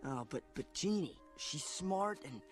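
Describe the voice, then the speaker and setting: An actor playing a lovestruck young man who gushes dreamily and haltingly about a girl, from an animated film. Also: fairly high pitch, music in the background.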